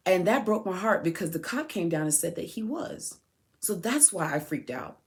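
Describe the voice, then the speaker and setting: Woman, lowish voice, impassioned personal monologue, heated, rhetorical questions. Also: very animated, moderate pace. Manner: heated, repeats and restarts phrases. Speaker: mother addressing her son.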